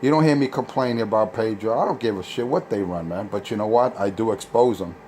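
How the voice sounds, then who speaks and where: A man's voice: fairly low pitch, fast talker, mellow, slight background noise. A man on CB radio, taunting and insulting rival operators in a boastful, crude way. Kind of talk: trash talk over CB radio.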